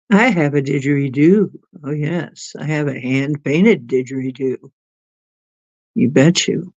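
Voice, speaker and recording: Slow, giggly livestream host, dull sound. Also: medium pitch, dry recording. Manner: giggly, chatty, laughs often. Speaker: livestream host reading chat. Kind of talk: casual chat with viewers.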